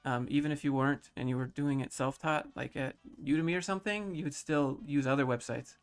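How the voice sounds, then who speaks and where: A man in his thirties on a casual livestream, reading chat questions aloud and answering them in a low-key, mellow way. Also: brisk, smooth, soft background music. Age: 30s.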